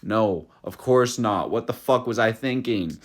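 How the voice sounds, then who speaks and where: A young man hosting a casual fight recap, talking in a profane, excitable rant with many restarts. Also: on the low side, a little slow. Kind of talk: casual solo recap vlog.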